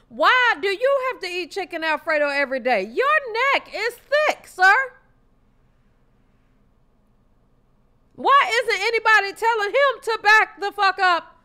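Sassy, high, animated woman. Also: moderate pace. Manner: loud, mocking, sassy. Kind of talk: casual reaction chat.

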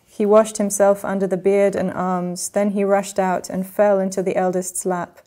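A woman reading a translated old tale aloud at a university workshop, with a measured, even delivery. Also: mid-range voice. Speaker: reader of her own translation.

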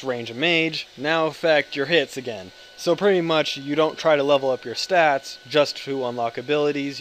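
A man's voice: mid-range voice, fairly bright tone, slight background noise. A man in his twenties with an American accent, hyper and joking, rambling with lots of swearing over his gameplay commentary. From United States. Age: 20s. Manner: hyper, joking, profane, self-interrupting. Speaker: gaming video creator.

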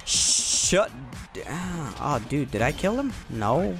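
Excitable male gaming commentator, playful and rambling, swings up and down in pitch. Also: slow, vocal fry, music in the background. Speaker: gamer commentator. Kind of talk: casual gameplay commentary.

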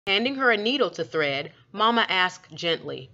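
A woman reading a children's story aloud with expressive, lively storytelling. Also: mid-range voice, normal speed. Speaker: storybook reader. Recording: dull lo-fi recording.

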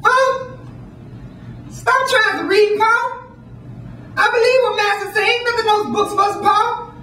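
A frightened young son, begging and pleading with his father, as a man plays him in a spoken story. The voice is very high and thin. It sounds echoey and far off, a live room caught at a distance. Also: flat delivery, unhurried, sharp tone, heavily acted. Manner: pleading, begging, repeats "Paul".

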